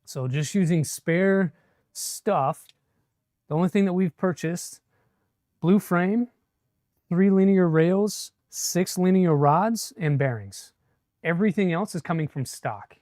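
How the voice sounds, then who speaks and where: A man's voice: high voice, slow, no room sound, studio quality. Chatty man building a printer on stream. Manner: relaxed, chatty, reads and answers viewer comments. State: a bit shaky from caffeine. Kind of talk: casual live-stream chat while assembling.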